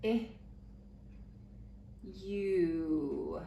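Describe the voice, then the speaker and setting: A woman teaching a third-grade spelling lesson, slowly sounding out letters and giving encouraging praise. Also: lowish voice, dark tone, slight background noise. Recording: echoey room with faint ambience.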